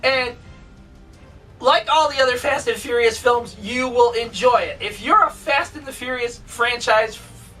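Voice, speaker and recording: A woman giving a casual movie review, retelling scenes excitedly with swearing, sound effects and laughter. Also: a little high, unhurried, far from the mic, faint music behind, low-quality recording.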